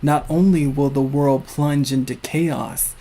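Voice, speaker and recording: A man voicing a suave, menacing male villain, the hero's future self, speaking slowly and deliberately. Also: fairly high pitch, steady tone, dark tone. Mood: smug.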